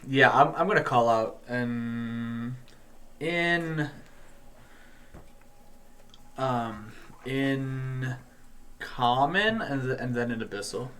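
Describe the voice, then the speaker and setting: A man playing in a tabletop game, halting as he thinks aloud through his character's actions, with faint noise behind him. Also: mid-range voice, sharp tone. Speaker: player.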